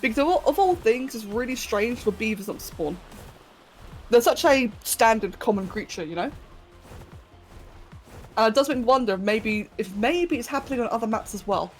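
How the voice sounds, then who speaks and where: A young British woman rambles cheerfully to her live chat as she plays, giggling often and talking in a slightly high voice. Her throat sounds a bit sore, and faint game music sits behind her. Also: animated, normal speed, long pauses. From Britain. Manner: chatty, giggly, talks to chat. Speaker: streamer. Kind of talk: casual live-stream chat while gaming.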